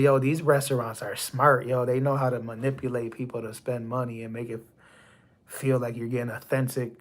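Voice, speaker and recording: A man from the United States hosting a live stream, talking to his chat in a loose, rambling, conversational way. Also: mid-range voice. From USA. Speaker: livestream host.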